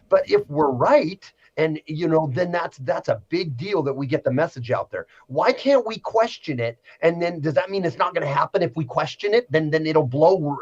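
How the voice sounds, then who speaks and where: A man co-hosting a casual livestream talk show, talking in an animated, indignant way. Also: a little high, husky, highs cut off. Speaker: co-host.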